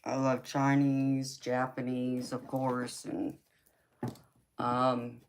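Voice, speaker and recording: Very low-voiced Southern woman, slow drawl. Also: monotone, slight background noise. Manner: drawling, slow, reads viewer comments aloud. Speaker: livestream host. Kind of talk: casual chat with live viewers.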